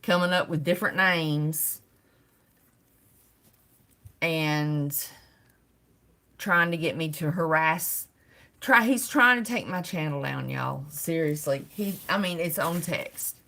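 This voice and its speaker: Woman, middle-aged, livestream host, chatty, laughs a lot, slow pace. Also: sits low, bright, forceful tone. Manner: chatty, greets viewers by name, laughs often. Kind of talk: casual livestream chat with viewers.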